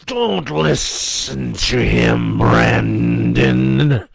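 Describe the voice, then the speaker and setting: A man voicing a taunting, cruel devil in a read-aloud story, drawing out his words slowly and loudly. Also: medium pitch, gravelly, pitched above the performer's own voice, exaggerated voice. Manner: slow drawn-out menacing taunts. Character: taunting sneering devil, male, ancient and cruel.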